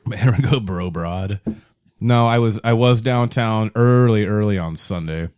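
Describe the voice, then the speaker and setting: A man's voice: lowish voice, measured pace, darkish tone, clear, resonant tone, no echo, clean studio sound. A young man chatting casually as a podcast guest, laid-back and often laughing. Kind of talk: casual chat.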